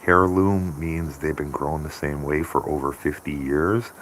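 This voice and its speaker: A man's voice: extremely low pitch, measured pace, fairly bright tone, a little hiss or hum. A man chatting casually on a morning live stream, rambling and laughing often. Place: home by a window.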